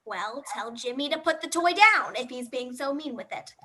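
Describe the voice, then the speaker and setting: A woman's voice: high voice, animated, normal speed, pushed and bright, heavily acted. A woman playing a frazzled mother who keeps scolding her kids over the phone. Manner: scolding, distracted. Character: frazzled single mom guest, always on the phone. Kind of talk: improv comedy.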